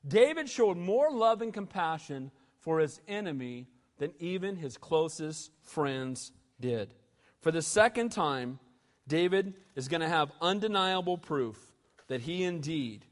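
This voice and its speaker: A man preaching a sermon as pastor, emphatic and animated, calling out "amen?" to the congregation. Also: high voice, unhurried, in a large hall. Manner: emphatic preaching, rising to loud bursts, asking "amen?".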